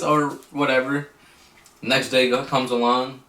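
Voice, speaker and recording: Young man, mid-pitched voice, hesitant storyteller, echoey room, distant mic. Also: steady tone, measured pace, pauses often, a bit bright, slight background noise. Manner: laid-back, hesitant storyteller with ums. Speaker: co-host. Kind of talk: casual storytelling chat. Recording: roomy echo, mic at a distance.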